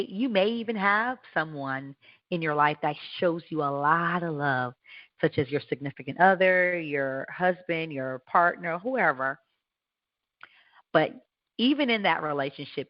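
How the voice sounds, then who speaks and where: A woman's voice: low voice, dry recording, muffled recording. A woman hosting a radio show, giving an earnest, encouraging faith talk in a conversational way, with restarts.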